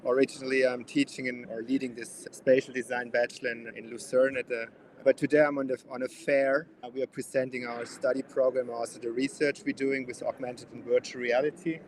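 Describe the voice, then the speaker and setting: Male guest on a call from a noisy fair, flat tone, friendly but halting. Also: medium pitch. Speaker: guest professor. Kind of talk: casual introduction on a video call. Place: trade fair.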